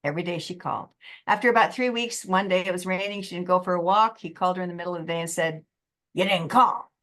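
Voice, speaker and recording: A middle-aged woman giving a motivational webinar talk, acting out quotes in an animated way. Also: lowish voice, very fast. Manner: lively, animated, acts out quotes. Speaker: presenter.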